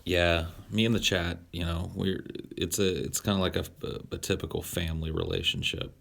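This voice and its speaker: Deep gravelly man ranting at his chat. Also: moderate pace, a bit bright. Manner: profane, rambling, mock-commanding. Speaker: streamer talking to his live chat. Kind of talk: casual livestream chat.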